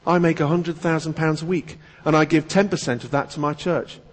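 A preacher voicing a calm, wealthy shipwrecked man who answers matter-of-factly during a joke. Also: on the high side, fairly quick, close to an everyday voice. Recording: long church reverb.

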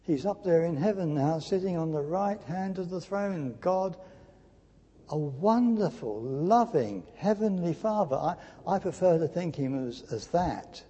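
Older preacher in a reverberant church. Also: male voice, fairly high pitch, a little slow, breathy edge, highs cut off. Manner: animated storytelling with sudden drops to hushed speech. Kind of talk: sermon. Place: church hall.

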